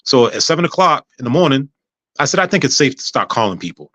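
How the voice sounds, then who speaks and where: With animated delivery, a man recounts a personal story as a podcast guest, acting out others' words along the way. He talks quickly at medium pitch, and the recording is dry and lo-fi.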